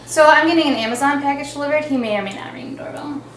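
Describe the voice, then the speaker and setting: A woman's voice: high voice, very fast. A young woman co-hosting a home cooking show, chatting casually and laughing often while she cooks. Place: home kitchen. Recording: echoey kitchen with clear noise.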